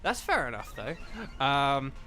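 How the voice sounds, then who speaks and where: Speaking at a measured pace, a streamer and voice actor uses a pushed, bright, medium-pitched voice with big pitch swings. He rambles and thinks aloud in casual chat with viewers while gaming live, with faint music behind him.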